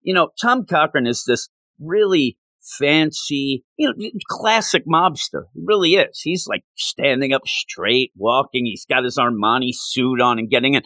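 Animated man recapping a story. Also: medium pitch, a little slow, few pauses, no room sound. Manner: animated and chatty, with many fillers.

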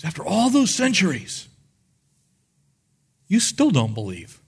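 Male pastor, sermon, high voice, very expressive, animated storyteller. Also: slow, long pauses, breathy edge. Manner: animated storytelling, acts out biblical figures.

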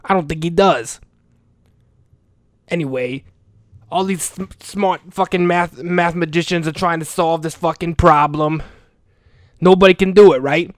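A man's voice: fairly high pitch, unhurried, pauses often, dry recording, clean studio sound, natural voice. A man playing a crude, foul-mouthed school janitor who rambles bluntly in an improvised comedy rant. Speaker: comedic character monologue.

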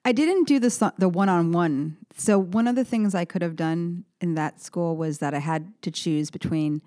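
A woman's voice: fairly low pitch, mellow, no room sound, studio quality. A young American woman musician chatting as an interview guest, rambling with frequent restarts and fillers. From United States. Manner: rambling, halting with many restarts. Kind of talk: casual interview chat.

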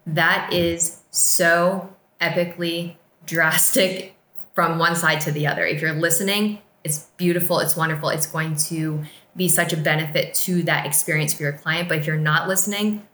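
A woman's voice: low-pitched, fairly even intonation, moderate pace, a bit bright, roomy sound. A woman co-hosting a casual business podcast, speaking earnestly and with emphasis about client care. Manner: earnest, emphatic, lightly laughing. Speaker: podcast co-host and business team member.

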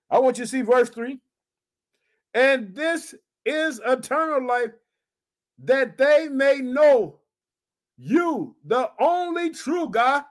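Male pastor, high voice, exuberant podcast sermon with bursts of shouting. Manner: exuberant, repetitive exclamations, shouts praise.

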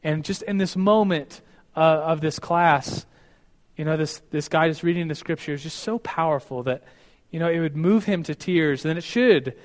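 Earnest male teacher, devotional talk and prayer, slightly high voice, reverberant room. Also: moderate pace. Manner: earnest, storytelling, many restarts.

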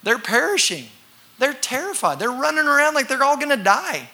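A man preaching a sermon to a congregation, talking conversationally, acting out voices and sometimes shouting for effect. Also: very high voice, sing-song, normal speed. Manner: conversational with congregation call-and-response. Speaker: pastor.

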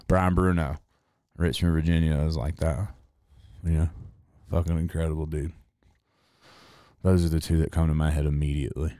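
Forty-something guy cussing his way through a story, low smooth voice, dry close sound. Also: a little mellow, no echo. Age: 40s. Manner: profane, rambling storytelling with laughs. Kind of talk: casual chat.

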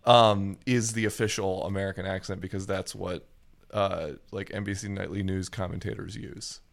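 Man, low-pitched, gravelly fry, wry, riffing, casual podcast co-host. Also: fairly even intonation, moderate pace. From US South, Baltimore area. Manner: wry, riffing, offers playful ideas. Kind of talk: casual chat.

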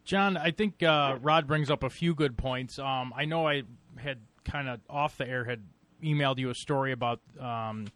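A man's voice: medium pitch, moderate pace, fairly bright tone, dry recording. A man guest-hosting a talk radio show, chatting in a friendly, conversational way with frequent fillers.

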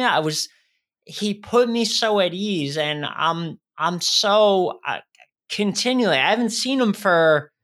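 A man in his thirties, a guest speaker telling his own story in a podcast interview, earnest and halting with frequent restarts. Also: sits high, lively intonation, a bit bright.

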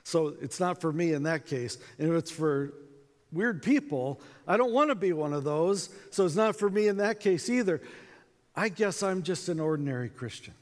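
A man's voice: a little high, animated, moderate pace. An American man giving a conference talk, telling a personal story in a conversational way and acting out the voices in it. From United States. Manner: conversational, acts out quotes, many fillers. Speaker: conference speaker. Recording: echoey hall with long reverb.

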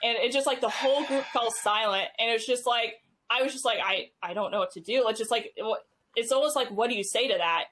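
Thirties woman, podcast guest, chatty and halting, lots of fillers. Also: slight background noise. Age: 30s. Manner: halting, many fillers, rises in pitch when animated. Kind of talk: casual conversational storytelling.

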